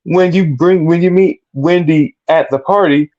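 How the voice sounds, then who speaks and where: A man in a casual reality-show recap chat, building his argument point by point in a steady way. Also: fairly high pitch, a little slow. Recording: muffled lo-fi sound.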